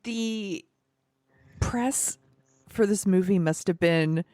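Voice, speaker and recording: A woman co-host on a film podcast, recapping the plot of a classic movie in a chatty, animated way. Her voice sits at a middle pitch and is recorded close and dry. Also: takes it slowly, no echo. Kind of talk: casual movie discussion.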